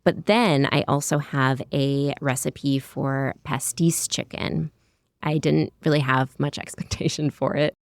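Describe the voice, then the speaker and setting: A woman's voice: sits low, fairly even intonation, unhurried, dry recording, clean studio sound. An American woman in her thirties, a cookbook author chatting in an interview, descriptive with many "like" and "you know" asides. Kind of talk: conversational interview.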